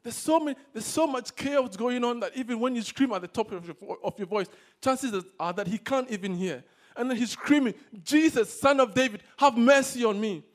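High-pitched preacher swinging loud and soft. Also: male voice, fairly quick, hardly any pauses. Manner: swings between loud exhortation and quiet asides. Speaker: pastor. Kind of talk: sermon. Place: church service.

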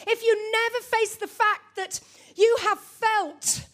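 A woman with a very high voice preaches in a lively, joking way, teasing the congregation as she goes. She sounds middle-aged and speaks from the front of a church. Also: slow pace. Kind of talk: sermon.

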